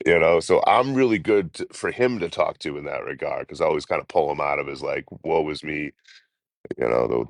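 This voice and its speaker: Gravelly low-voiced man, swearing. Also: no echo. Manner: rambling, profane, laughing often. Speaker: travel vlogger. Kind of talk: casual live-stream chat.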